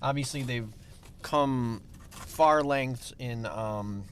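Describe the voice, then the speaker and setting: Middle-aged chicago dude, laid-back musician guest, dry jokes, bit of hiss behind. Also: male voice, mid-range voice, extremely slow. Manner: easygoing, relaxed, dry humor. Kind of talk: casual chat in a car over food. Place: parked car.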